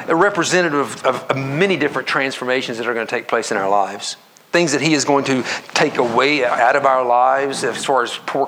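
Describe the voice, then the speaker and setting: A pastor preaching a sermon to his congregation in an earnest, conversational way, with repetitions and quick asides. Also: mid-range voice, a bit bright, slight background noise. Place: church sanctuary.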